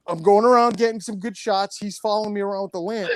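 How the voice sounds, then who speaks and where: A man's voice: sits high, steady tone, fast talker. A middle-aged man telling a long, profane story in casual chat, rambling with many restarts. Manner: rambling, swears often, restarts. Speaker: storyteller guest.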